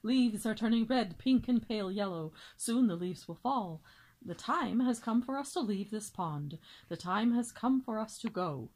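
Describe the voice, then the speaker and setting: A woman's voice: medium pitch, expressive, moderate pace, a little mellow, natural voice, low-quality recording. A woman doing a proud, long-winded father swan. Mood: announcing. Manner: grand, lecturing storybook voice.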